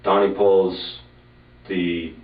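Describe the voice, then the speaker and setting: A detective questions a suspect in a methodical, probing way. The man's voice is very deep. It comes from a distance in a reverberant room, on a muffled archival recording. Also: level tone, drawn-out words. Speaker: police detective. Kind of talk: police interrogation. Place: interrogation room. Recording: roomy, distant, dull archive tape.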